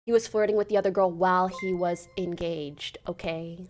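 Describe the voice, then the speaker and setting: A woman hosting a casual livestream chat. She recaps a story to her viewers in an animated way, swears freely and acts out the lines she quotes. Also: on the low side, normal speed, slight background noise. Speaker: livestream host.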